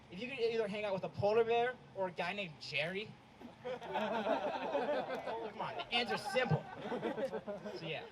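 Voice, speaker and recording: A young man doing a stand-up set outdoors, hesitant and deadpan, with many ums. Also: high voice. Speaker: stand-up comedian. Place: outdoor show in the cold. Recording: noisy outdoor recording.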